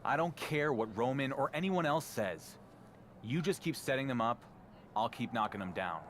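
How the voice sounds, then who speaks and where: A man's voice: mid-range voice, animated, normal speed, a bit bright, a little hiss or hum, lightly acted. An actor voicing a self-assured male wrestling champion in a game, speaking firmly. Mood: defiant.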